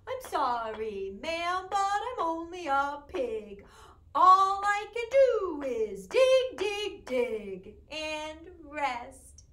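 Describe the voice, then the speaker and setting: A woman's voice: high voice, very animated, very slow, a bit bright, roomy sound, exaggerated voice. A woman voicing an apologetic, stubborn pig in a sing-song chanted rhyme.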